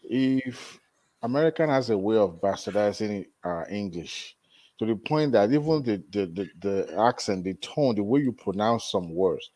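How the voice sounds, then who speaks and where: A man's voice: on the low side, animated, moderate pace, mellow. A man from Nigeria in a casual panel chat over a video call, talking emphatically and repeating his points. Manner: emphatic, insistent, repeats phrases.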